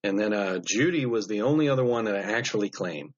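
Blunt, husky-voiced knife maker guest. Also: male voice, on the low side, fast talker, highs cut off. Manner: blunt, animated storyteller with many fillers. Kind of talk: casual podcast storytelling.

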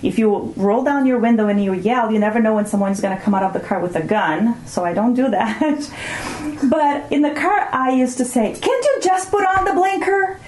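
A woman speaks as a mindfulness teacher in an interview, calm and reflective, slowing down on key words. Her voice is mellow and soft-edged. The room around her adds a noticeable echo. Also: mid-range voice. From Brazil. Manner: calm, reflective, often slows to stress words. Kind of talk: explanatory interview talk. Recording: roomy echo.

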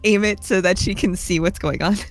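A woman's voice: mid-range voice, normal speed. A woman playing a tabletop role-playing game, describing her character's actions in a chatty, giggly way. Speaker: player. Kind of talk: casual tabletop role-play.

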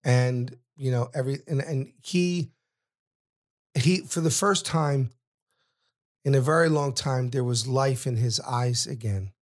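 A middle-aged man, a guest on a podcast, tells an emotional story. He talks in halting bursts and keeps repeating his words, and his voice sinks low and soft at the painful moments.

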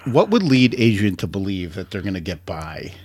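A man's voice: low-pitched, big pitch swings, moderate pace, darkish tone, slightly rough, no echo. Laughing, rambling podcast co-host, man. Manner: jokey, rambling, many restarts and laughs. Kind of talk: casual chat.

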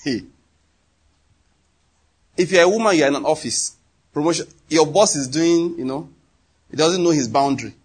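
A man with a Nigerian accent preaching a sermon, emphatic and animated, often acting out what people say. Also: a little high, normal speed, pauses often, husky. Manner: animated, emphatic, slips into acted quotes.

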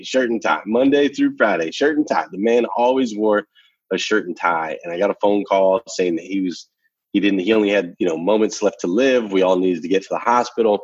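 A man's voice: on the low side, slightly rough, no room sound, lo-fi sound. A man telling a personal story in conversation, earnest and emphatic, repeating phrases for effect. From United States. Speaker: interview guest.

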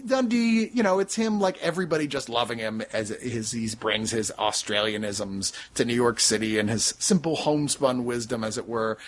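A man's voice: mid-range voice, normal speed, hardly any pauses, slight background noise. A man co-hosting a casual podcast, recapping and reviewing movies in a wry, storytelling way. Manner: animated, wry storytelling with frequent laughs. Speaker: podcast co-host.

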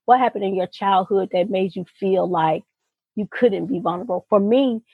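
A woman's voice: mid-range voice, normal speed, slightly rough, no echo. A woman co-hosting a podcast, talking earnestly and expressively in a casual, heartfelt conversation. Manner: earnest, expressive, folksy asides. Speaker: podcast co-host. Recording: tinny phone-like sound.

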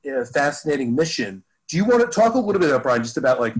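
A man's voice: a little high, very animated, quick pace, slight background noise, low-quality recording. A man co-hosting a podcast, upbeat and chatty, with a rambling, filler-heavy way of talking. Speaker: podcast co-host. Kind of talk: casual podcast chat.

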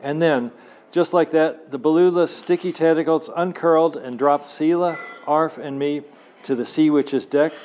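A man's voice: a little high, moderate pace. Man reading his novel aloud with wry asides. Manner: wry, expressive storyteller who adds asides. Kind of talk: live fiction reading to an audience. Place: cafe with a live audience.

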